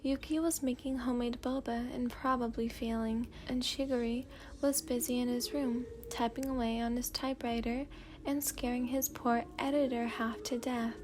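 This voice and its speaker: A woman reading second-person fanfiction in a slow, hushed, sleepy storytelling voice, at times dropping to a whisper. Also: on the high side. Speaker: fanfiction reader.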